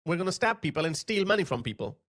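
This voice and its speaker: A man's voice: a little high, very animated, fast talker, a bit bright. A man giving blunt, sarcastic commentary on video clips, mocking what he shows. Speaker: political commentator.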